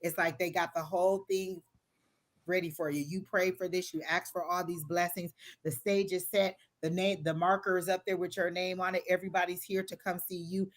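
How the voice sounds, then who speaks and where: Earnest lower-voiced woman giving readings. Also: flat delivery, a little fast. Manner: earnest, repetitive, motivational, talks straight to viewers; casual, colloquial phrasing. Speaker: tarot and psychic reader. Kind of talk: live-stream psychic reading.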